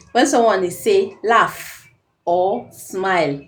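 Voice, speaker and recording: A woman with an Igbo accent teaching vocabulary, saying each word slowly and then repeating it with stronger stress, and laughing easily. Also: medium pitch, animated. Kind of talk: slow, clear language lesson.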